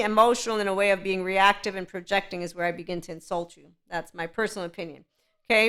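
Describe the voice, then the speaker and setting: A woman's voice: mid-range voice, fairly bright tone, smooth. A woman hosting a podcast, talking unscripted in a rambling, emphatic and candid way, often checking in with "okay". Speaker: podcast host. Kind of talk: unscripted solo podcast monologue.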